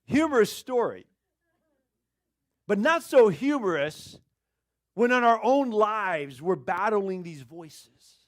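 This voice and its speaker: Animated high-voiced male preacher. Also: slow, long pauses. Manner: animated storyteller, chuckles. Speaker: pastor. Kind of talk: sermon with storytelling.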